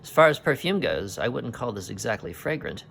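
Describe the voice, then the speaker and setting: A man reading as a gentle young reporter. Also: mid-range voice, very animated, a little fast, vocal fry, a little hiss or hum. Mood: wry. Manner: gentle, reassuring. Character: young male reporter, polite and calm. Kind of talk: reading a comic aloud.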